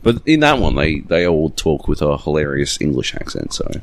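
Casting: male co-host, very low voice, loose and sweary banter. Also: moderate pace. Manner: jokey, sweary and animated. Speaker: podcast co-host. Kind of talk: casual chat.

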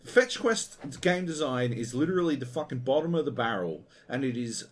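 A man's voice: mid-range voice, expressive, normal speed. A man co-hosting a video game podcast, ranting in a casual, profane and exasperated way. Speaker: podcast co-host.

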